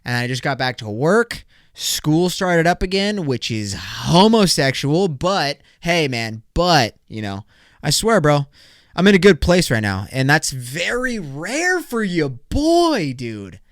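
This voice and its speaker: A young man in his twenties hosting a solo podcast, rambling, profane and high energy. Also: sing-song, takes it slowly, no echo, studio quality. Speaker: podcast host.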